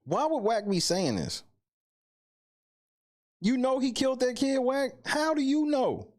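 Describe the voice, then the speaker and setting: A man's voice: very high-pitched, expressive, unhurried, darkish tone. A man hosting reaction commentary, sounding incredulous and full of questions.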